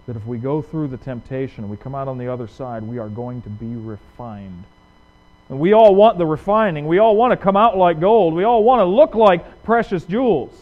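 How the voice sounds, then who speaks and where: A male pastor preaching a sermon, asking rhetorical questions and swinging from loud emphasis to hushed lines. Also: fairly high pitch, lively intonation, moderate pace. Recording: dull lo-fi recording.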